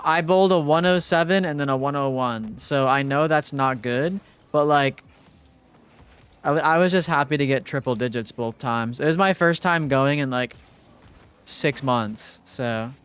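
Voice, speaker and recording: A young man streaming live, chatting casually with his viewers in a relaxed, rambling way, full of fillers. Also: mid-range voice, smooth. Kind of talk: casual livestream chat with viewers.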